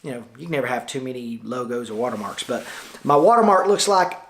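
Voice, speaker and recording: A man's voice: mid-range voice, lively intonation, quick pace. A middle-aged man with a Tennessee Southern accent talks through his photography studio in a loose, chatty vlog, recorded indoors in the studio lounge on a camera-mounted shotgun mic. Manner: folksy, chatty, loose with many fillers. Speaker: photographer vlogger. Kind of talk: casual rambling vlog talk.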